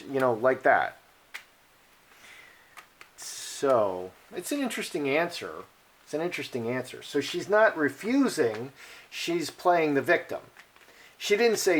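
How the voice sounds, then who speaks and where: A man's voice: medium pitch, lively intonation, a little slow. Chatty man reading cards aloud. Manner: chatty, repetitive, thinking aloud. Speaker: card reader. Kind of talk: casual card-reading commentary.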